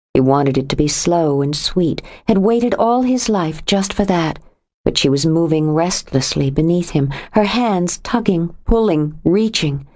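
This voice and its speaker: A woman reads the narration of a romance audiobook in a lowish voice. Her delivery is steady and expressive, carrying the story forward at an even pace. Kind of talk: scripted narration.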